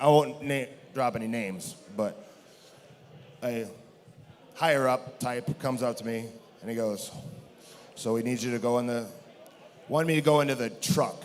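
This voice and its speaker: A man's voice: on the low side, a little mellow. A man telling a story from his career in a rambling, self-mocking way, with many restarts. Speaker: guest. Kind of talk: storytelling on a podcast. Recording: long hall reverb.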